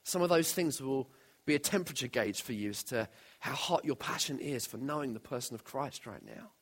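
A man's voice: mid-range voice, sing-song, fairly quick. A man preaching a sermon in an earnest way, often putting direct questions to his listeners.

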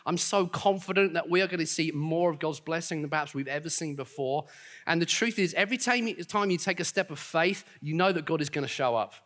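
A man's voice: a little high, a little fast, fairly bright tone. A man preaching a sermon as pastor to his congregation, upbeat and confident, with friendly asides. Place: church auditorium.

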